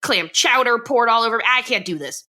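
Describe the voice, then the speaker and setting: A woman voicing a weary middle-aged Texan dad, complaining in a flat, exasperated way. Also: a little high, brisk.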